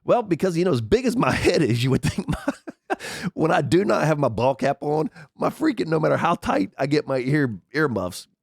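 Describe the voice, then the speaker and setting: Very animated at a moderate pace, this sick podcast host sounds creaky with a breathy edge, his voice unusually deep from a cold as he sniffles. He rambles through a casual commentary monologue and swears freely into a headset mic, captured in a dry, clean studio recording.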